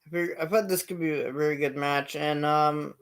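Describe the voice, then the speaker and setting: A man's voice: fairly high pitch, fairly even intonation, a little fast. A man hosting his own show, telling a long story in a rambling way with many fillers and restarts. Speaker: show host. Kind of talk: casual storytelling.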